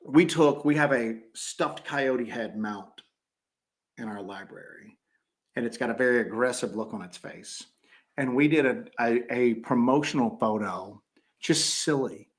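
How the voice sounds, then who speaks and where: Male co-host, casual livestream chat, joking and animated, mid-range voice. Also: mid-range voice, measured pace. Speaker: co-host of paranormal podcast.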